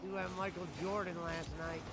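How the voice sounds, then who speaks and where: A man's voice: high-pitched, level tone, normal speed. A man from Ohio co-hosting a casual chat in a laid-back way and laughing easily. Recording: noisy background hiss.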